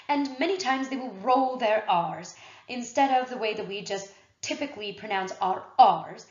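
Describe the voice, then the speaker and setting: Woman history teacher, casual classroom lecture delivery with fillers, roomy echo, slightly dull sound. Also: a little high.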